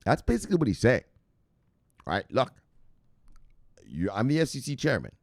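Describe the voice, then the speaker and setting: A man's voice: medium pitch, wildly swooping pitch, normal speed, dry recording, clean studio sound. A man hosting casual crypto news commentary, reading headlines aloud and rambling off into laughing, profane asides.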